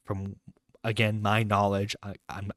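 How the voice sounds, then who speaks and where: A man's voice: lowish voice, completely flat delivery, a little slow, fairly bright tone, no echo. A man hosting a live stream, reacting to a clip in an exasperated, incredulous rant with some swearing, close to the mic. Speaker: internet radio host reacting to a clip.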